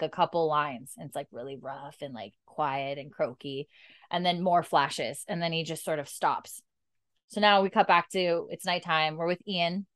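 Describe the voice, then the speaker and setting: A woman host with a lowish voice chats through a show recap, filler-heavy and easygoing. Her voice sounds dry and close to the mic. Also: no echo. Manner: chatty, filler-heavy storytelling. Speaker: podcast host. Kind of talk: casual episode recap.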